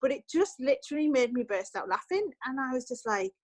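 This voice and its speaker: A woman's voice: high-pitched, fairly quick, no room sound, rough recording. A woman, a journalist guest on a podcast, telling an anecdote in casual chat and acting out the lines people said. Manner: lively storytelling, acts out quoted lines.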